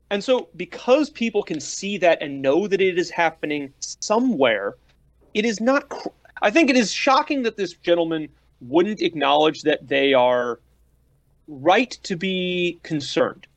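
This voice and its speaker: A man with a somewhat high voice co-hosts a political chat podcast. He weighs his words and builds his points step by step. The sound is close and dry, with no room around it. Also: lively intonation, unhurried, dry recording. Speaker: podcast co-host.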